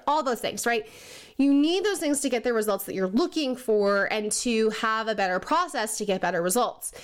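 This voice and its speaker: Leadership coach, woman, casual talk, fairly high voice, laughs a lot, puts on goofy voices now and then. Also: smooth. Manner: chatty, laughs often, puts on silly voices for people she mocks; says "okay?" and "right?" a lot.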